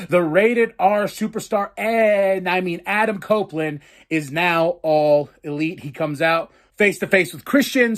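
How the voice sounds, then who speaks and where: A man hosting a podcast, casually reviewing wrestling matches in an excitable, profane way, acting out his own reactions. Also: high-pitched. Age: adult with a daughter. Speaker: podcast host.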